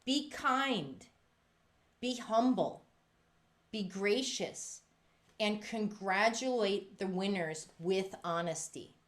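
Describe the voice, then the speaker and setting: A woman speaks slowly while leading a workshop for music teachers. Her delivery is lively and emphatic, and she acts out quotes with big pitch jumps.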